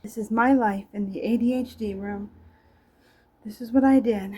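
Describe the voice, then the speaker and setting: A woman's voice: mid-range voice, fairly even intonation, normal speed, a little mellow, breathy edge, low-quality recording. A middle-aged woman giving a scattered, self-mocking comic monologue to camera. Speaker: vlogger.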